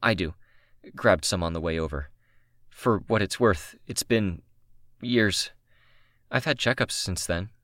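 A man reading the lines of a nervous young woman, lifting his pitch a little and speaking hesitantly. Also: a little slow, pauses often, a bit bright, dry recording, clean studio sound. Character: nervous young woman, the first-person heroine.

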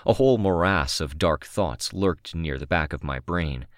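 A man narrating a novel in the first person, calm and measured, close to the microphone. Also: low voice, no echo. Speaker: audiobook narrator.

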